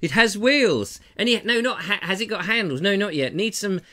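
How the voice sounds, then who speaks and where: A man's voice: high-pitched, expressive, normal speed. Chatty English man hosting a comedy show. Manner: chatty, jokey, addresses viewers as ladies and gentlemen. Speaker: comedy talk show host. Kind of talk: casual live-stream chat. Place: terraced house.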